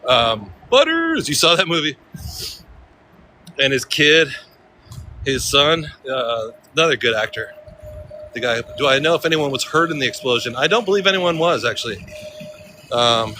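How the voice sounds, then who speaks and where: A man from Central California talks loosely on a walking livestream, rambling from one thought to the next and chuckling at his own jokes. His voice is bright and clear, with a little faint street noise behind him outdoors. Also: medium pitch, sing-song, normal speed, long pauses, rough recording. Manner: joking, rambling, chuckling often. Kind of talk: casual walking livestream chat.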